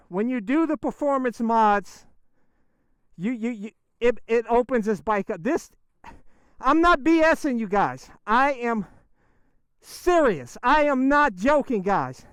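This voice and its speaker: A man talking casually on a motorcycle ride, excitable and slangy, often breaking into exclamations. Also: very high voice, smooth, dry recording, clean studio sound. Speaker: motorcycle vlogger. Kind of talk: casual riding vlog. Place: outdoors on a motorcycle.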